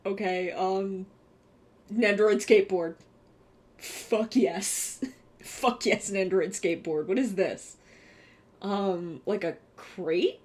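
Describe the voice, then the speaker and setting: A young adult woman chatting casually on a live stream, excitable and swearing, with bursts of gushing. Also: medium pitch.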